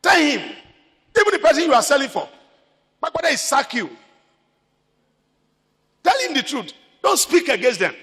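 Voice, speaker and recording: Nigerian pastor preaching loud and bright, bouncy pitch, long echo in the church hall. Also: male voice, wildly swooping pitch, moderate pace, pauses often. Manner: emphatic preaching, repeats phrases, mixes in Pidgin. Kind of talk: sermon.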